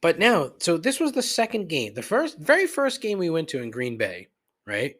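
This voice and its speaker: A man's voice: mid-range voice, husky. Male podcast host, casual profane rant, sardonic storyteller, mid-range voice.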